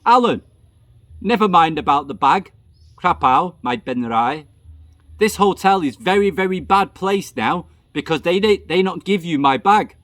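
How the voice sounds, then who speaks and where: A man voicing the restless ghost of a dead male friend, speaking calm, melodic broken English. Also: high-pitched, unhurried, no room sound, studio quality, voice pushed up. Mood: mournful.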